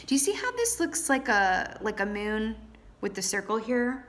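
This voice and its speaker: A woman's voice: on the high side, very animated, normal speed, a bit bright. A woman reading tarot cards to camera in a chatty, theatrical way, calling viewers honey and darlings. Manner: theatrical, trained stage performer. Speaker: tarot reader.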